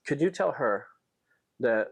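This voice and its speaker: A man's voice: mid-range voice, expressive, slow, creaky, breathy edge, full character voice. A man voicing a pushy rich businessman who eagerly boasts while pleading for a favor. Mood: eager boasting.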